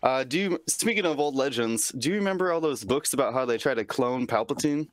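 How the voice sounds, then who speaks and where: A man co-hosting a casual podcast, halting and searching for words. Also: medium pitch, expressive, dry recording, clean studio sound. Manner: slow, halting, loses his train of thought. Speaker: podcast co-host.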